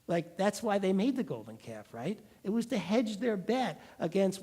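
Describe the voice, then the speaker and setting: A man giving a sermon as pastor, telling a story in a lively, conversational way. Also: high voice, normal speed, few pauses, husky.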